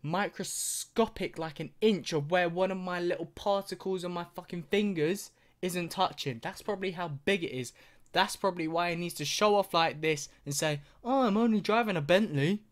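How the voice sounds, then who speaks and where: A man's voice: sits high, normal speed. A young man ranting through a reaction video, swearing constantly and mocking what he sees.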